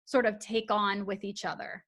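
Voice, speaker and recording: A woman's voice: mid-range voice, level tone, moderate pace, fairly bright tone. A young woman hosting a podcast, chatting with a guest in an upbeat, gushing way and laughing often. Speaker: podcast host. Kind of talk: casual interview chat.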